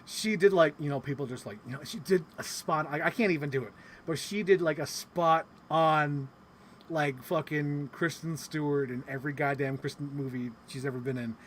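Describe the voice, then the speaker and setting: Chatty man, slightly high voice. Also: moderate pace, a little hiss or hum. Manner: animated, rambling, swears often, heavy use of "like". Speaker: podcast host. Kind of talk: casual chat recapping a convention.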